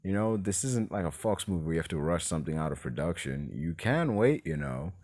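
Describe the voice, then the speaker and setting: Man, low voice, casual film review, exasperated, rambling, cursing. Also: expressive, brisk, darkish tone. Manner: exasperated, swears, loose and rambling.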